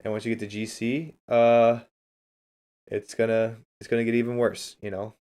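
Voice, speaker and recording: A man's voice: mid-range voice, little pitch movement, normal speed, warm tone, clean tone. A man casually talking through a game replay on a livestream, chatting straight to his viewers and answering their messages in an upbeat, encouraging way. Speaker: streamer and game coach.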